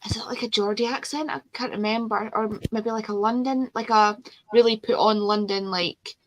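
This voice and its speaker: A woman's voice: on the high side, steady tone, moderate pace, no room sound, poor audio. A woman hosting a casual chat with friends, rambling and ranting animatedly about audiobooks. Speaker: host.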